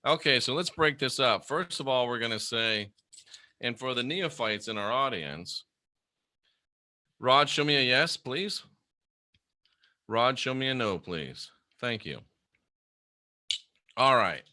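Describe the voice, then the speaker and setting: Man, livestream host, bright forceful voice, dry close sound, muses and reads chat comments aloud. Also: medium pitch, expressive, slow pace, long pauses, no room sound.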